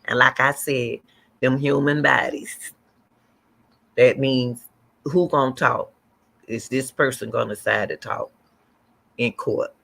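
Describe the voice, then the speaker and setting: A woman's voice: rumbling low, fairly even intonation, takes it slowly, gravelly, pauses often, a bit bright, slightly rough. A middle-aged woman hosting a livestream, chatting casually and rambling as she answers viewer comments aloud. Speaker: livestream host.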